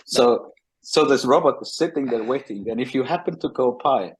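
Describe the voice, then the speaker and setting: A man, a guest in a casual interview, telling animated stories with frequent restarts. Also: mid-range voice, normal speed, slightly rough, rough recording.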